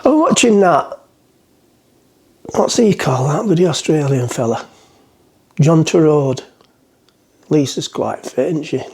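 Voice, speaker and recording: A man chats his way through a cooking vlog in his home kitchen. His voice sits a little high, and he rambles, cracks jokes and mutters to himself as he preps the food. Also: lively intonation, a little slow, long pauses, a little mellow, slightly rough. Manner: rambling, jokey, talks to himself while cooking. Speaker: cooking vlogger. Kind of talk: casual cooking vlog chat.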